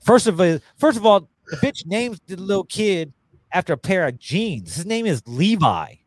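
A man's voice: sits high, big pitch swings, moderate pace, no room sound. A man casually telling a long crude story, full of swearing and voiced quotes.

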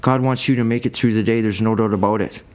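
A man's voice: lowish voice, steady tone, quick pace, a little mellow, smooth. A man preaching a sermon, reading verses and explaining them in a loose, conversational way. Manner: colloquial, conversational Bible teaching.

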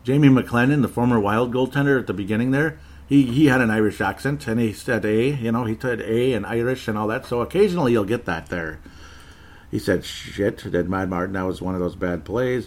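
A man hosting a sports talk show, chatting casually and reading out listener comments, often rambling, correcting himself and laughing. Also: lowish voice. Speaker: sports podcast host.

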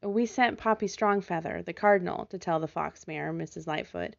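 A woman's voice: fairly low pitch, normal speed, creaky, highs cut off. A woman voicing a humble, polite male sparrow messenger with folksy country speech in a storybook. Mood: grave.

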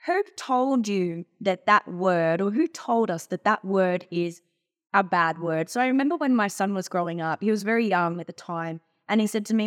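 A woman's voice: medium pitch, moderate pace. Candid, storytelling woman podcast co-host. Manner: candid storytelling, swears freely. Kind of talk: casual podcast chat.

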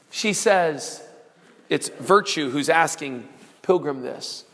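A man preaching a sermon, dramatic, acting out quoted voices and shouting out lines. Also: a little high, slow pace. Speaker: pastor. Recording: long reverb of a large hall.

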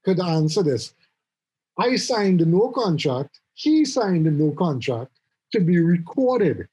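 A middle-aged man chatting casually about his office jobs, telling animated stories and often repeating words as he goes. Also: high voice, husky, low-quality recording. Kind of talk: casual conversation.

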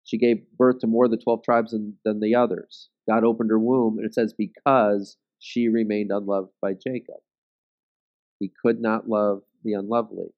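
A man's voice: fairly low pitch, flat delivery, normal speed, highs cut off. A man leading a Bible study, teaching in a conversational way and often checking in with his listeners.

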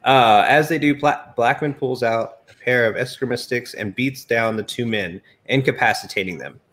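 A man's voice: medium pitch, moderate pace, fairly bright tone, slight background noise. Casual man reading a game story aloud. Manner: reads game text aloud, laughing at himself. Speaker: narrator of a game playthrough. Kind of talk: casual narrated playthrough with friends.

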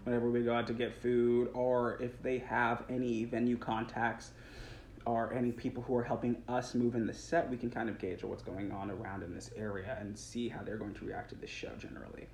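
A man's voice: medium pitch, flat delivery, brisk, darkish tone. A young man who acts on stage talks casually in an interview, earnest and rambling, with frequent restarts and little laughs. His voice rings in a roomy space. A faint background noise runs under the recording. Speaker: stage actor guest.

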